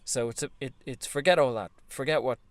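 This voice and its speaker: A man talking earnestly in a reflective spiritual monologue, gently coaching the listener and laughing softly now and then. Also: mid-range voice, brisk, no room sound. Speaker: spiritual vlogger.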